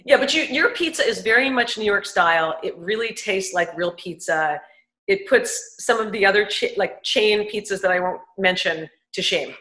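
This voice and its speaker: A woman from Manhattan co-hosts a casual interview, chatty and enthusiastic, her voice bright and sharp. The sound is echoey, like a hard-walled room. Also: medium pitch, lively intonation, moderate pace. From Upper East Side, Manhattan. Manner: chatty, laughs often, enthusiastic. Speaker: show co-host.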